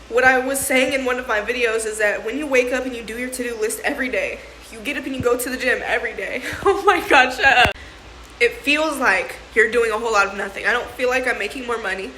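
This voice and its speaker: A woman's voice: fairly high pitch, sharp tone, a little hiss or hum. A young woman talking casually to her vlog audience, emotional and slangy, often calling people "bro.". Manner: emotional, laughing through tears; slangy, says "bro" and "sis". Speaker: vlogger. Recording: echoey room with faint ambience.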